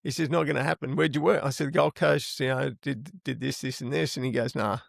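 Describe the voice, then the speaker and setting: A man's voice: mid-range voice, fairly even intonation, fairly quick, vocal fry, dry recording, clean studio sound. A middle-aged man with an Australian accent, telling stories as an interview guest in casual, rambling talk with plenty of swearing. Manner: rambling yarn-spinner, swears freely. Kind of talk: casual storytelling.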